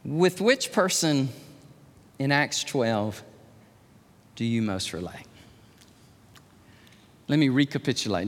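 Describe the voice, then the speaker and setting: A man preaching a sermon as pastor of a church, animated and swinging from hushed tones to near shouts. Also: medium pitch. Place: large church hall. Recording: long hall reverb.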